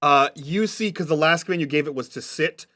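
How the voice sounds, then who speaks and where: A man's voice: a little high, fairly quick, pushed and bright. A man narrating a tabletop game as game master, describing scenes patiently and checking what the players mean.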